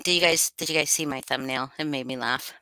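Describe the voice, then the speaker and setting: A woman's voice: extremely low pitch, fairly even intonation, a little fast, sharp tone, smooth, dry recording. A woman hosting a casual livestream, greeting chat names and swearing freely. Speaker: livestream host.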